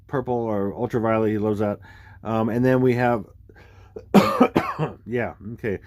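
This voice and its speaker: A man explaining dates and numbers on screen in a rambling, excitable way, full of fillers and sudden exclamations. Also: mid-range voice, dry recording. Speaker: video creator explaining number theories. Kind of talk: casual screen-share commentary.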